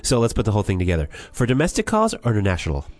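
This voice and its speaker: A man with a low voice hosts a relaxed language lesson, prompting his partner with questions and laughing along. His pitch swings widely as he talks, with faint music under the recording. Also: very fast. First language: English.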